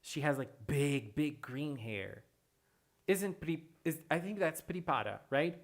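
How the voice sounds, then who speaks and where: A streamer hosting a casual livestream, chatting with viewers and answering chat in an excitable way, often repeating phrases. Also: mid-range voice, takes it slowly. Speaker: livestream host reading chat.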